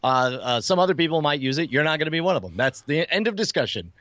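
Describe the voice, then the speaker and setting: A man's voice: fairly high pitch, expressive, quick pace, a bit bright, no room sound, dull audio. A man as a podcast guest, talking in an easygoing casual chat.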